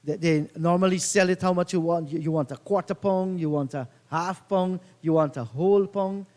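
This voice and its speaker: A man's voice: high-pitched, moderate pace, mellow, long reverb tail. A man doing live cricket commentary, telling leisurely reminiscing anecdotes between deliveries.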